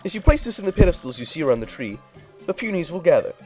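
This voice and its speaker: A man's voice: a little high, big pitch swings, quick pace, dark tone, soft background music, pitched above the performer's own voice. A man voicing a crotchety, bossy old female tribal elder in a game playthrough, scolding and barking orders. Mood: explaining.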